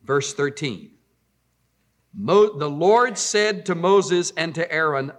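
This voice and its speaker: Animated preaching man, lively pitch. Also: takes it slowly. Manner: animated preaching, rising loud on emphasis. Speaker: pastor. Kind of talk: sermon.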